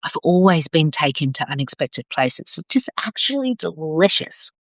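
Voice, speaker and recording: Gentle, affirming woman leading a circle. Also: low-pitched, sing-song, no echo, studio quality. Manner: gentle, affirming, drawn-out phrasing. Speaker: circle facilitator. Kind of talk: live video circle, reading out comments.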